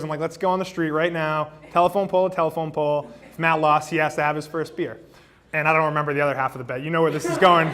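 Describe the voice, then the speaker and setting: A man's voice: on the high side, a bit bright. A man in his thirties giving a best man toast at a wedding reception on a handheld microphone, joking at his own expense and often restarting his sentences. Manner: joking, self-deprecating, with frequent fillers and restarts. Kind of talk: wedding toast to a live crowd. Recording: noisy wedding reception recording.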